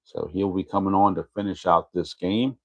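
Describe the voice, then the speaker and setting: A man's voice: deep voice, fairly even intonation, normal speed, a little mellow, lo-fi sound. A man narrating his tabletop baseball game replay in a casual play-by-play, methodically reading out dice rolls and chart results and correcting himself as he goes.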